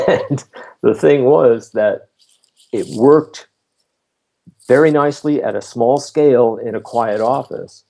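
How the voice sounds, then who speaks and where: A man in his fifties, a former roadie and bass player, telling relaxed stories as an interview guest. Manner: relaxed anecdotal telling, laughs between stories. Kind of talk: casual interview storytelling.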